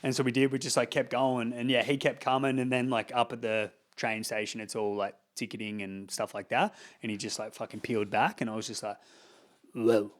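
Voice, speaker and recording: A man's voice: mid-range voice, steady tone, a little fast. An Australian man hosting a podcast, chatting casually and rambling through stories with lots of swearing and fillers. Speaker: podcast host. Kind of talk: casual chat.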